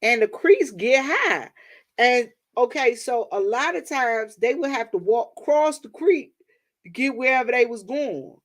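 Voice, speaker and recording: A woman's voice: a little high, lively intonation, unhurried. A woman from Washington, D.C. hosting a livestream, chatting casually with viewers and telling stories, calling them y'all. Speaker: livestream host.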